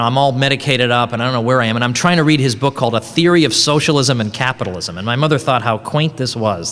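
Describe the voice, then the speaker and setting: A man's voice: medium pitch, a bit bright, big-room sound. A man giving a conference lecture in a conversational, joking way, often correcting himself mid-sentence. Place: conference hall.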